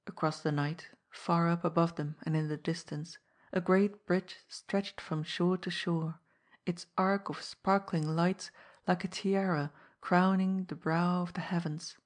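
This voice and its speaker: Woman reading an adventure audiobook, measured pace, slightly low voice. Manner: measured storytelling. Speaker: audiobook narrator. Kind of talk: scripted narration.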